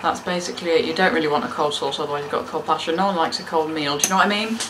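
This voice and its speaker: A woman's voice: low-pitched, rapid-fire. Chatty, self-mocking woman cooking at home. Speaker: cooking video host. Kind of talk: casual cooking demonstration. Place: home kitchen. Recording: noisy kitchen with clattering pans. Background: cutlery, pots and kitchen ambience.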